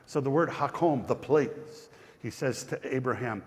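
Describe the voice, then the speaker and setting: A man's voice: mid-range voice, a little slow. A male pastor giving a chatty, digressive Bible study, with frequent restarts. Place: church. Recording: church hall reverb.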